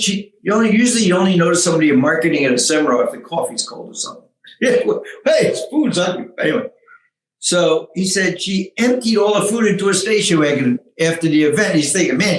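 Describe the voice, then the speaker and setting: An older man with a fairly high, lively voice spins his stories as a guest, laughing at his own punchlines and acting out each quoted line. He sounds like he is in an echoey room, with the sound ringing a little around him. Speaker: guest, former tech executive. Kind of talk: storytelling interview, lively anecdotes.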